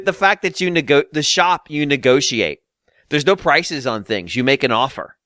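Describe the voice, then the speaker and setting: Animated, profane podcast host, bone-dry sound. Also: male voice, on the high side, normal speed, dry recording. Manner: exasperated, profane, laughing rants. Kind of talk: casual gaming podcast chat.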